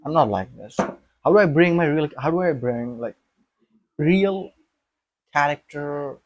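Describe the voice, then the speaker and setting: A man's voice: fairly high pitch, expressive, a little slow, pauses often, no room sound, dull audio. Young man, camera vlog, emphatic and rambling, swearing, dry close sound. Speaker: vlogger. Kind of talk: thinking aloud to camera.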